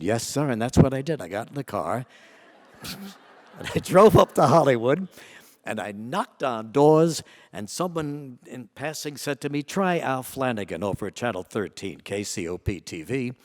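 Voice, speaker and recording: An older man tells a long personal anecdote to a live audience in a large auditorium. His voice sits at a middle pitch but jumps sharply higher and louder whenever he acts out other people's lines. A long hall reverb trails behind every phrase. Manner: animated, acts out quoted voices with big jumps in pitch and loudness. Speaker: guest storyteller.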